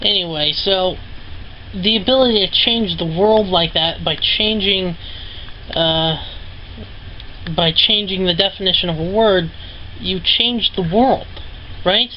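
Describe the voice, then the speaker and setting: A man's voice: high-pitched, measured pace, long pauses, highs cut off, slight background noise. A man vlogging in a rambling, profane monologue, full of fillers and little laughs. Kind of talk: rambling casual monologue to camera.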